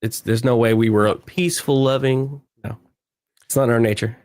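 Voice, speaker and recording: Brief: male co-host, relaxed chatty banter, mid-pitched, dry sound. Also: moderate pace, no room sound. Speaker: live stream co-host. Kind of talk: casual live stream chat.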